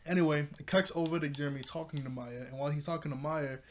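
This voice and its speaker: A man's voice: fairly high pitch, steady tone, fast, a little hiss or hum. A man casually recapping a cartoon episode, rambling with lots of fillers and frequent laughter. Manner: rambling, laughs often, paraphrases characters loosely. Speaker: show reviewer.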